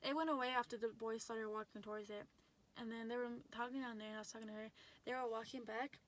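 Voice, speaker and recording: A young woman vlogger telling a story in a chatty, rambling, excitable way. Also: fairly high pitch, fast talker. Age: young adult. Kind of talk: casual storytelling.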